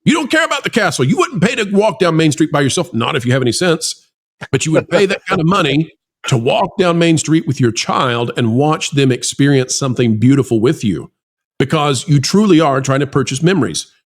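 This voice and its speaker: A man hosting a talk show addresses his audience as folks with earnest, almost sermon-like conviction. His voice sits slightly high for a man. He builds his points with warm sincerity before handing off to his co-host. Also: lively intonation, normal speed. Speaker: podcast host. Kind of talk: heartfelt talk-show commentary.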